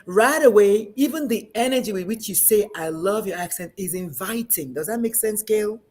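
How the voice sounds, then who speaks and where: A woman's voice: mid-range voice, normal speed, a little mellow, breathy edge. A woman from Nigeria with a Nigerian accent, speaking as a guest in a conversation, emphatic and earnest. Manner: emphatic, earnest, addresses host by name. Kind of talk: casual conversation.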